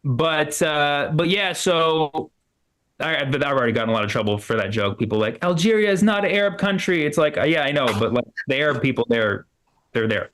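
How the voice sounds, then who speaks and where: A man's voice: mid-range voice, brisk, fairly bright tone. A man doing a loose, rambling stand-up comedy set in a comedy club, full of fillers and restarts.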